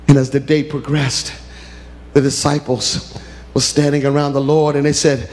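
A man preaching a sermon as a story, emphatic, with call-and-response and rising to shouts. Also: on the high side, level tone, moderate pace.

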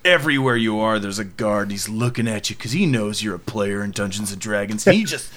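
A man's voice: lowish voice, lively intonation, brisk, a bit bright. Joking man hosting a casual podcast. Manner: joking, laughs often. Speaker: game master and podcast host. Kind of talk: casual discussion.

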